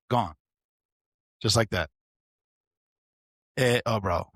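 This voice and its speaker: A man's voice: medium pitch, slow pace, pauses often, no room sound, clean studio sound. A man co-hosting a podcast, casually telling a work story with a lot of "bro" and swearing. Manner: animated, swearing, calls the listener bro. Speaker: podcast co-host, sheriff's deputy.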